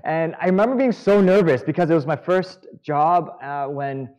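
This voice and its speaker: A man preaching a sermon, earnest and halting, with self-deprecating humor. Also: a little high, darkish tone, highs cut off. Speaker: pastor.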